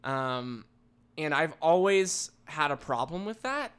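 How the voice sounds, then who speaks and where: A man co-hosting a casual podcast, telling a story with lively acted-out quotes. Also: a little high, slow pace, clear, resonant tone. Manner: animated, acts out quoted people in raised voices. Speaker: podcast co-host.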